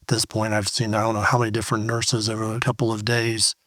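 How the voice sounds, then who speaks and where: A man's voice: lowish voice, monotone, fast talker, a bit bright, dry recording, clean studio sound. A middle-aged man giving a conversational personal testimony, retelling what happened by quoting himself and the people around him. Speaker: Christian speaker sharing testimony.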